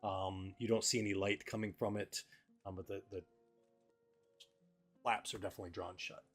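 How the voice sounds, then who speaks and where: Low-voiced man running a tabletop game. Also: normal speed. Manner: relaxed, hesitant, many fillers. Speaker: game master. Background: background music.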